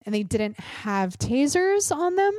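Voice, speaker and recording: A woman's voice: high-pitched, sing-song, a little slow, a little mellow, no echo, studio quality. A woman in her thirties hosting a political podcast, ranting bluntly and sarcastically with frequent swearing. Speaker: podcast host. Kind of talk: opinionated political podcast rant.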